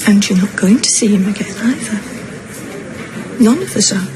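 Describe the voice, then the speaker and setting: An actress playing an anxious, self-pitying older mother and grandmother, who talks in plaintive, rushed runs of self-justification. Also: mid-range voice, lively intonation, close to an everyday voice. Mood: grieving. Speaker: soap opera character. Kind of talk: television drama acting. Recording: noisy broadcast soundtrack.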